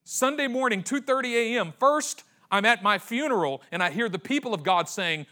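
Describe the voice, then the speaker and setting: A man in his forties preaching a sermon as pastor, impassioned and repetitive, swinging between hushed and loud. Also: sits high, expressive, a little fast, hardly any pauses. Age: 40s. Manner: repeats phrases for emphasis.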